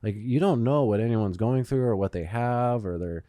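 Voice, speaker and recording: A man's voice: mid-range voice, moderate pace, mellow, no echo. Man, podcast host, casual profane storytelling, dry close sound. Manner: profane storytelling, swears a lot, many fillers.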